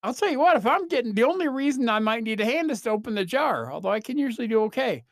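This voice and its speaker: A man hosting a podcast, rambling through a comedic monologue with animated swings and quick mock voices. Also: very high-pitched, no echo, studio quality. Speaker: podcast host.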